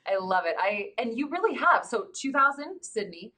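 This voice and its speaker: A woman's voice: a little high, very animated, normal speed, bright, forceful tone. A woman hosting a casual interview, introducing her guest and asking friendly, encouraging questions. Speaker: host.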